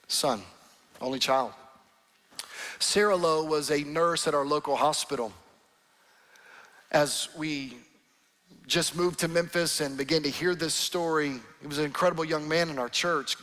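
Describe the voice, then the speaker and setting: A pastor, a man, telling a story in an earnest, emphatic sermon in a church sanctuary. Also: on the high side. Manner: earnest, emphatic, softening to near-whispers at tender moments. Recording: long hall reverb with soft music behind.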